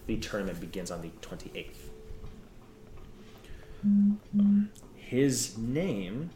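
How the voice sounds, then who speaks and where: A man running a tabletop game, giving a grave in-character briefing with halting restarts. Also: mid-range voice, wildly swooping pitch, mellow, slight background noise. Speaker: game master. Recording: echoey room.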